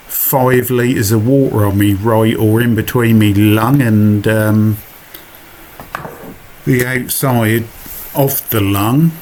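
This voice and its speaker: Chatty Suffolk man, slow and easygoing. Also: mid-range voice, darkish tone, a little hiss or hum. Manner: chatty, self-mocking, rambling asides. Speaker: vlogger. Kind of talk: casual narrated voiceover.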